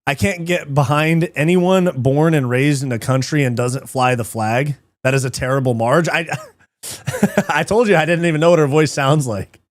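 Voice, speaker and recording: A man's voice: fairly high pitch, normal speed, no echo, studio quality. A man hosting a live fight watch party, chatting casually, reading chat aloud, swearing often and laughing easily.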